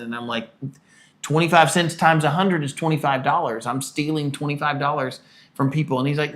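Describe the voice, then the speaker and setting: A man in his early forties, a podcast co-host, telling a work story in a casual, animated way and acting out the people in it. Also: mid-range voice, a little fast. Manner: animated storyteller, acts out quoted people loudly.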